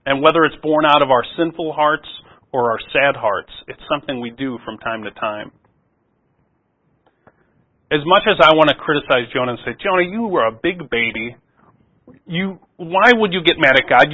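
A man preaching a sermon in an earnest voice, rising to loud pleading and dropping to soft, low asides. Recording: phone-like narrow sound.

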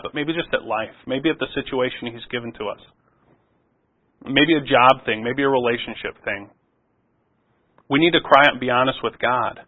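A man preaching a sermon in an earnest voice, rising to loud pleading and dropping to soft, low asides. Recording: phone-like narrow sound.

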